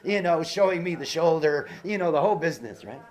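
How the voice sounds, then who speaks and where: Speaking a little fast in a slightly high, darkish voice with lively intonation, a man delivers a casual lecture full of personal stories. He wanders, piles on fillers and asides, and repeats important words for emphasis.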